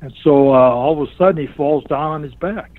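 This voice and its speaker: An older man, a wrestling guest, tells a lively story in a casual interview, acting out what other people said and laughing often. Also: fairly high pitch, a little fast, no room sound. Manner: animated storyteller who acts out the other people's lines. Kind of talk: casual anecdote in a remote interview. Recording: tinny phone-like line.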